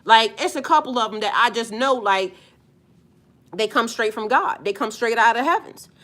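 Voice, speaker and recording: A woman's voice: fairly high pitch, expressive, normal speed, bright, forceful tone. A woman working as a spiritual life coach, ranting in a heated, profane, emphatic vlog monologue.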